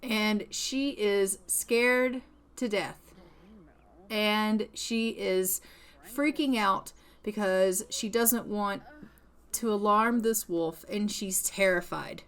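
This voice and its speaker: A woman telling a life-sim game story out loud in loose, casual narration. She keeps slipping in fillers and speaks in an everyday middle pitch. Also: takes it slowly, smooth. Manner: chatty, many fillers like "like" and "you know".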